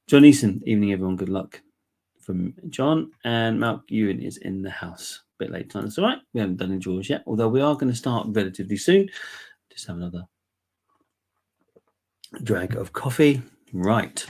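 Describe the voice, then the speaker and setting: A man chatting his way through a live whisky giveaway, relaxed and rambling with frequent ums. His voice sits a little low and sounds husky and congested, as if he's still bunged up. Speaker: whisky giveaway livestream host. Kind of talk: casual live chat.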